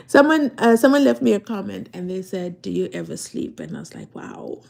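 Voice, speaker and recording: A woman chats casually on a phone live stream, her voice at an ordinary middle pitch for a woman. She jumps from loud, excited pleading to quiet, whispered asides. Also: a little fast, gravelly, hardly any pauses. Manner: chatty, swings from loud excited pleas to soft whispered asides.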